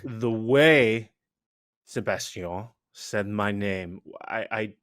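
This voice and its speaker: A man hosting a casual podcast chat, animated and rambling, full of asides and restarts. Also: on the low side, drawn-out words, clear, resonant tone, no echo. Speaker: podcast host.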